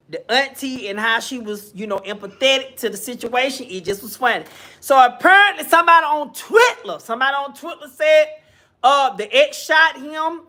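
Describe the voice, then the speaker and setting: A man's voice: extremely high pitch, pushed and bright. A man doing sassy, swearing gossip commentary on a live stream. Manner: sassy, swearing, drawn-out exclamations.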